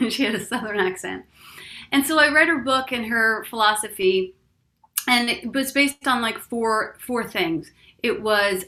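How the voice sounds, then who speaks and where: A woman at a middle pitch leads a spiritual course as a casual talk. She moves through personal stories in a chatty, expressive way. She laughs often and keeps speaking straight to the listener. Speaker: spiritual teacher leading a course.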